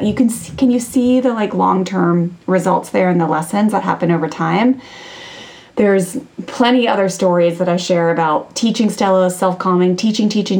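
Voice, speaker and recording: A woman's voice: on the low side, creaky, darkish tone. A woman in her thirties, a podcast host and parenting coach, telling a personal story in a chatty way, with many fillers and restarts. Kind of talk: casual storytelling monologue.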